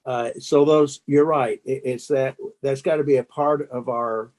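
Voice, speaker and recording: A man hosting a podcast, asking questions with a halting, rambling manner. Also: medium pitch, steady tone, darkish tone. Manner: halting, full of fillers and restarts. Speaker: podcast host. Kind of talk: interview chat.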